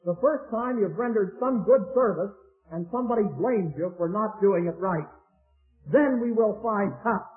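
Man, preacher, high voice, measured sermon delivery, thin phone-like sound. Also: faint music behind. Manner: measured, anecdotal, slows to stress key phrases. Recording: tinny phone-like archival recording.

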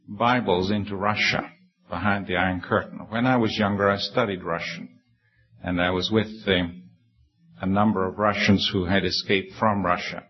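A man with a low, husky voice preaches earnestly and humbly, stumbling through restarts before rising to emphatic peaks. The sound is dull and lo-fi, like an old sermon tape. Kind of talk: sermon with personal story.

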